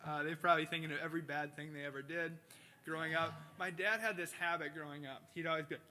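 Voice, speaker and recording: A male pastor giving a casual sermon, reading scripture and telling stories with animated impressions. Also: fairly high pitch, fast. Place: church sanctuary.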